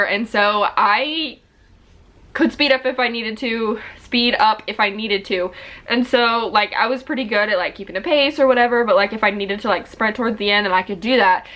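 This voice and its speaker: A young woman in her twenties tells a story to camera in a casual vlog. Her voice is bright and clear, and she rambles along with plenty of "like" fillers. She corrects herself often as she goes. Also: fairly high pitch, normal speed. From South Carolina. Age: 20s. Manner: chatty, rambling with many "like" fillers and self-corrections. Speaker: vlogger.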